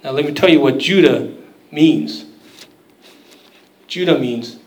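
A man's voice: fairly high pitch, takes it slowly, darkish tone, roomy sound, far from the mic, low-quality recording. A man preaching a sermon in a conversational, storytelling way, acting out quoted voices. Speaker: pastor.

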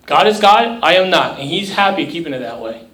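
Speaking briskly in a fairly high, slightly bright, animated voice, this young man is a youth pastor delivering a conversational sermon to a youth group. He keeps asking "right?" and now and then imitates other voices briefly, captured by a distant mic in an echoey room.

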